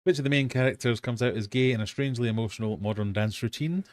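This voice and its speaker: A man's voice: mid-range voice, fast, a little mellow, no echo, clean studio sound. A British man hosting a live-stream quiz from his fish room, reading out questions and chatting with self-mocking dad jokes.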